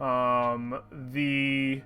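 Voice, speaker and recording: A man's voice: mid-range voice, level tone, very slow, pushed and bright, soft background music. Hesitant male game master, many ums. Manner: hesitant, many ums while checking notes. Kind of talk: running a tabletop game over voice chat.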